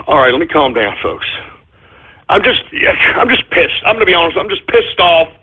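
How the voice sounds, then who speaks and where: Husky-voiced angry radio host, tinny sound. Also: male voice, fairly high pitch, big pitch swings, normal speed. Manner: mock-angry ranting, swearing, exasperated outbursts. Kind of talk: live internet talk radio, reading listener shout-outs. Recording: tinny, phone-like lo-fi audio.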